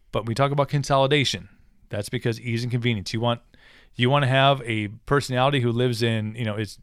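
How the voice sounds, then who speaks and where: A man's voice: mid-range voice, no echo, studio quality. A man in casual conversation about the radio business, talking thoughtfully with many restarts. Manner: talks in restarts and fillers, thoughtful.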